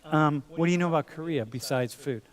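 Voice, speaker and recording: Here a man with a fairly high voice and a fairly quick delivery teaches university students in a large lecture hall. He's playful and informal, tossing out dude and bro as he talks to them.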